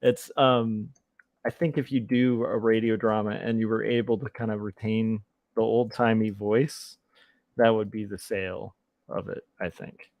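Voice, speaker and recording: A man hosting a livestream, chatting casually and thinking out loud while he draws comics. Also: lowish voice, steady tone, unhurried, dry recording. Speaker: livestream host and comic artist. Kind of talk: casual chat while drawing.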